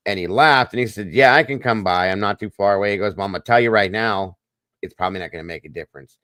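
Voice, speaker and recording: A man's voice: on the low side, fast talker, a bit bright, dry recording. A middle-aged man, hosting and telling a long personal story in a blunt, rambling way. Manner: rambling, blunt, repeats himself. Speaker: podcast host. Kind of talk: casual storytelling monologue.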